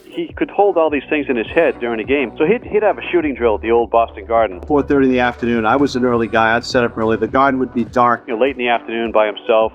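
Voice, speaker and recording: Brisk sportswriter recalling old days. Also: male voice, mid-range voice, highs cut off, faint music behind. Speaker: sports journalist. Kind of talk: interview anecdote.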